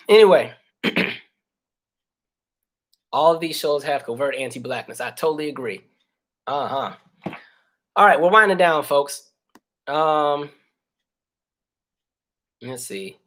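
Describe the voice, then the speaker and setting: Thirties guy hosting a chill livestream, bright voice, animated storytelling, lots of ums. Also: mid-range voice. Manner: animated storytelling, many fillers. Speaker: livestream host. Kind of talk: casual chat with viewers.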